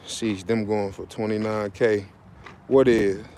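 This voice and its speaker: A man's voice: on the low side, steady tone, slow, dark tone, slight background noise. A man chatting loosely on a livestream, rambling and repeating himself, outdoors by his vehicles on a phone. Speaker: livestream host. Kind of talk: casual livestream chat.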